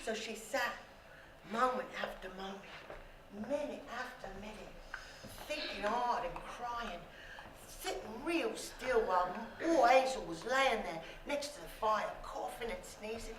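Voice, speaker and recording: Animated woman telling a story. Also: fairly high pitch, a little slow. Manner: animated, asks listeners questions and banters. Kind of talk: live storytelling to an audience. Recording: roomy with faint background noise.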